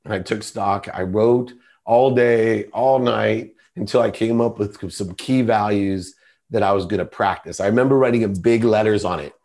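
Middle-aged male podcast guest with a lowish voice, earnest and confessional storyteller. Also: normal speed, darkish tone. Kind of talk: personal storytelling in conversation.

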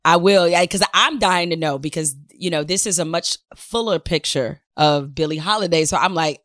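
A woman in her forties hosting a casual interview, expressive and blunt, laughing often. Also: lowish voice, normal speed, no echo, clean studio sound. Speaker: podcast host.

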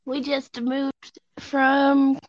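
A woman's voice: sits high, monotone, extremely slow, no echo, lo-fi sound. A woman with a Southern US accent, a guest chatting in an easygoing, giggly way. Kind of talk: casual interview chat.

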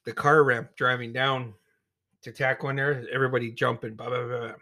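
A man's voice: mid-range voice, level tone, normal speed, bright, forceful tone, no room sound, studio quality. A man telling a childhood story in casual chat, swearing freely, laughing often and acting out his friends' voices. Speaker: podcast co-host.

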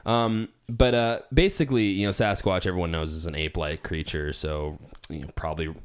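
A man's voice: steady tone, fairly quick, clear, resonant tone. A young man co-hosting a comedy podcast, talking casually and joking around. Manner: jokey, drifts into high mocking voices. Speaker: podcast co-host.

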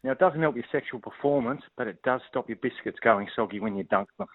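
A man telling a deadpan joke of the day as a caller on a sports radio show. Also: mid-range voice, fast talker, dry recording. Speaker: comedy caller. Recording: tinny phone line.

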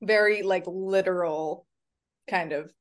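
A woman co-hosting a podcast in casual chat, recapping scenes in an animated way and laughing along. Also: fairly low pitch, takes it slowly. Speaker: podcast co-host.

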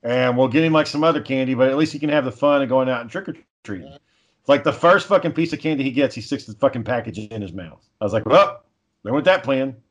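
A man's voice: mid-range voice, fast, dull audio. A man in casual chat, telling stories in a laid-back way, swearing often and chuckling.

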